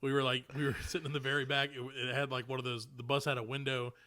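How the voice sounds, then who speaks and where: A man's voice: medium pitch, flat delivery, fast talker, pushed and bright. A man hosting a comedy podcast, telling stories and reading odd news with rambling jokes and frequent laughter. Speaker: podcast host.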